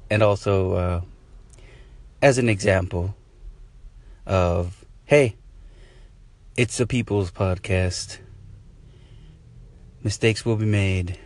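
A man's voice: fairly low pitch, dry recording. A man hosting his own podcast, wrapping up an episode in a casual, rambling way with frequent chuckles and self-deprecating asides. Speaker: podcast host. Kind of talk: casual solo podcast outro.

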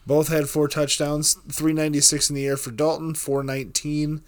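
A young man co-hosting a casual fantasy football podcast, reacting quickly and laughing often. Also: on the high side, level tone, clear, resonant tone. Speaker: podcast co-host.

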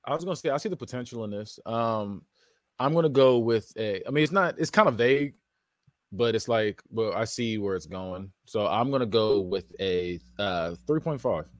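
A man's voice: lowish voice, lively intonation, normal speed, no room sound, studio quality. A man on a podcast, chatting casually, laughing often and hedging with fillers as he scores a segment. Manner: laughs easily, hedges with fillers. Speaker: podcast co-host judging.

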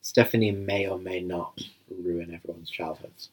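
A man with a low, husky voice chats his way through a film commentary. He jokes crudely and rambles from one aside to the next. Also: level tone, moderate pace. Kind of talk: casual film commentary chat.

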